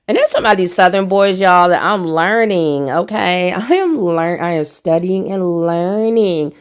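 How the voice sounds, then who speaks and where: A woman's voice: fairly low pitch, moderate pace, few pauses. A young woman giving casual, emphatic commentary as a vlogger, repeating herself for emphasis and talking straight to her viewers.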